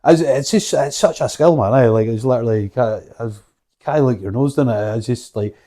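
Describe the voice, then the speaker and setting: A man's voice: medium pitch, fairly quick, mellow. A man in his thirties hosting a casual chat, rambling with many restarts and laughing easily. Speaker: podcast host.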